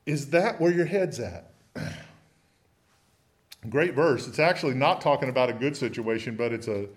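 Man leading a Bible study, mid-pitched, chatty, keeps questioning the group. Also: expressive, moderate pace. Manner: asks the group many questions. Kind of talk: conversational Bible teaching.

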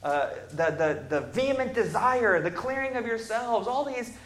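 A man preaching a Bible lesson, reading scripture aloud and then explaining it, building emphatic lists and pausing on fillers as he thinks. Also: very high voice, animated, fairly bright tone. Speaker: preacher teaching on repentance. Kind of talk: Bible class sermon. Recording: echoey room.

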